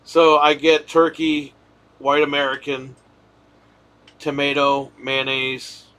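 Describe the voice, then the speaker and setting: Streamer host, man, bright forceful tone, swears freely, loose animated storytelling. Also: fairly high pitch, slow, clean tone. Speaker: streamer hosting a live Q&A. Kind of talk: casual live-stream chat.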